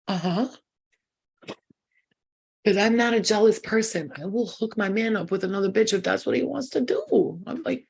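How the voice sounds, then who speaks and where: Blunt, husky-voiced woman talking casually. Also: mid-range voice, moderate pace, darkish tone. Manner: blunt, profane, emphatic storytelling. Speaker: spiritual channel host. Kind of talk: casual rambling monologue.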